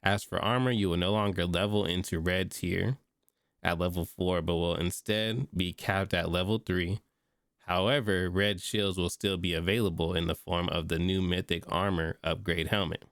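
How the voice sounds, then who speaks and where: A man's voice: low voice, steady tone, moderate pace, a bit bright, dry recording, clean studio sound. A stuffy-sounding man streaming, reading notes aloud and breaking off into casual, slangy reactions. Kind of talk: casual livestream commentary.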